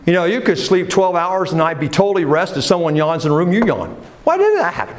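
A man's voice: fairly high pitch, fairly quick, slight background noise. Man preaching a conversational sermon. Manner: conversational, asks questions of the congregation.

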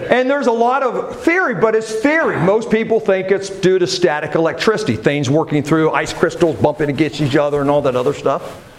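A man with a fairly high voice speaks a little quickly as he preaches a sermon in a church. His tone is casual and conversational, and he keeps posing questions to the congregation.

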